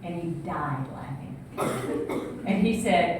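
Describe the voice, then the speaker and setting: A woman's voice: fairly low pitch, takes it slowly, background noise. A woman speaking at a church singles event, telling a personal story with laughter and acted-out voices. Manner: animated, laughing, acting out voices in her story. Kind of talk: storytelling talk to an audience. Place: church hall with audience. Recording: echoey church hall from a distant mic.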